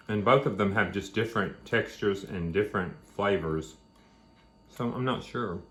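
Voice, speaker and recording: A man hosting a home video, chatting casually and rambling between bites of food. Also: lowish voice. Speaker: vlog host. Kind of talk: casual chat while eating.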